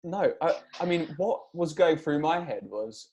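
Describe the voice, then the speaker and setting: A man's voice: mid-range voice, animated, moderate pace, few pauses, a little mellow, husky. A young man, co-hosting a casual podcast, telling a story and chuckling along the way. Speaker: podcast co-host. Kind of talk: casual chat.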